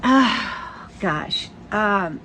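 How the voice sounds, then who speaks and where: An older woman chatting to camera from her RV, tired, halting and rambling with restarts and soft laughs. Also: medium pitch, expressive, a little hiss or hum, low-quality recording. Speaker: vlogger. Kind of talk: casual morning chat to camera. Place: inside her RV.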